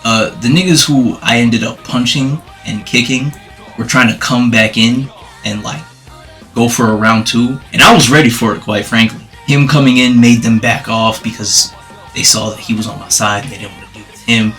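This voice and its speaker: A man vlogging a storytime, animated and profane, laughing as he tells it. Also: mid-range voice, normal speed, soft background music. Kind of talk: storytime vlog.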